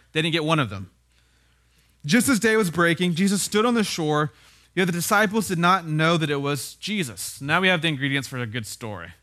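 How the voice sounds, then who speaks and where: A male pastor gives a relaxed, chatty sermon in a slightly high, bright, forward voice. He teaches with dry humor and keeps tossing "right?" to the congregation. His tone stays easygoing and close, like a talk among friends. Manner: casual and wry, with frequent "right?" tag questions. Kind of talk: conversational sermon.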